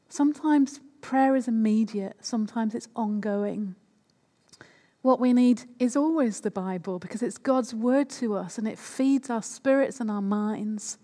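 A woman with a fairly high, mellow voice preaches conversationally, frequently turning to her listeners with questions. A long hall reverb surrounds the recording.

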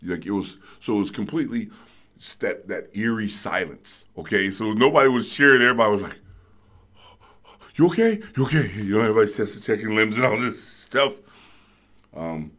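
A middle-aged man telling a story as a guest in casual chat, excitable and halting, acting out voices and sounds. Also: fairly low pitch.

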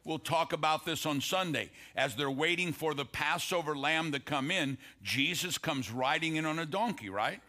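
Male pastor, bright and forceful, raised voice, emphatic sermon delivery. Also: a little high. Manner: preaching, asks congregation "Amen?", quotes scripture with emphatic slowed phrases.

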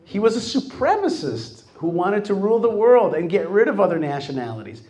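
A man giving a lively talk to a live audience in a hall. He jokes with the crowd, asks them questions and acts out other people's voices. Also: high-pitched, a little fast.

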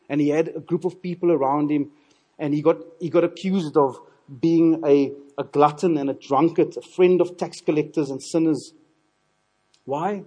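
A male preacher from delivers an earnest sermon. His voice is husky and dark, sitting a little high for a man. He often repeats words as he builds toward a point. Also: normal speed. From South Africa.

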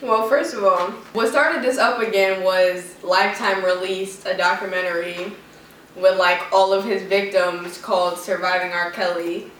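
A woman's voice: medium pitch, fairly even intonation, normal speed, a bit bright, recorded from a distance. A young woman co-hosting a family podcast in a casual, upbeat way, chatting and laughing often over a meal. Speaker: podcast co-host. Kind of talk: casual family chat during a food-eating video. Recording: echoey room, voice off-mic, light hiss.

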